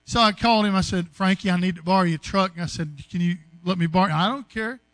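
A man preaching in a high, bright voice. He tells homely stories from his own life, then lifts them into fervent preaching. The sound is close and dry. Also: fast, dry recording. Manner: folksy storytelling, rising to fervent preaching. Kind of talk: sermon with personal stories.

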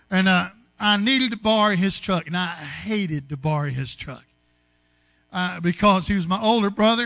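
A man preaching in a high, bright voice. He tells homely stories from his own life, then lifts them into fervent preaching. The sound is close and dry. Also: no echo. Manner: folksy storytelling, rising to fervent preaching. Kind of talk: sermon with personal stories.

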